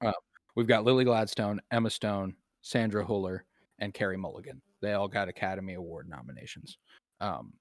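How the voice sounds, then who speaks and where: A man's voice: on the low side, fairly quick, no echo, studio quality. A man co-hosting a podcast, talking casually about films, loose and profane with lots of fillers. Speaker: podcast co-host. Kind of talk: casual film chat.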